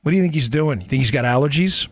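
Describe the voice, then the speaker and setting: A man's voice: fairly high pitch, lively intonation, rapid-fire. A man hosting a political talk show, delivering an impassioned monologue full of mocking rhetorical questions. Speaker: political commentary host.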